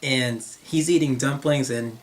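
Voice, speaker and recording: A man's voice: mid-range voice, a little slow. A young man from northern New Jersey with a New Jersey accent, telling a long rambling story to camera, stumbling over and repeating words and laughing to himself. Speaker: vlogger.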